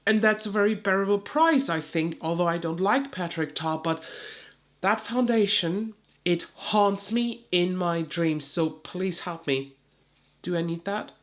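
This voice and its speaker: A woman's voice: lowish voice, measured pace. A woman with a nasal, stuffy voice, chatting candidly to camera as a beauty vlogger, swearing now and then. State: stuffy nose, sweating. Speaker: beauty youtuber. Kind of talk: casual chat to camera.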